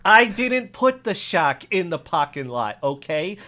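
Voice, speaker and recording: Improviser doing a flustered cop, Texas accent, rambling, stammering, swooping bright voice. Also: medium pitch, very animated, a little slow, voice pushed down. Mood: defensive. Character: flustered small-town male cop. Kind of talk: improv comedy sketch.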